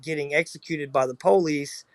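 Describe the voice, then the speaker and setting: A man with a somewhat high voice, recorded dry with no room sound. He rambles through casual chat and keeps stopping for fillers and restarts. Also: moderate pace, no room sound. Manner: rambling, filler-heavy storytelling. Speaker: panel guest.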